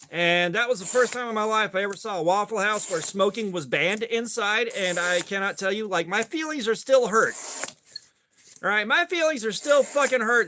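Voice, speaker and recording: A man's voice: high-pitched, pushed and bright, slight background noise. A middle-aged man hosting a casual livestream chat, rambling and swearing freely with a lot of filler. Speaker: host.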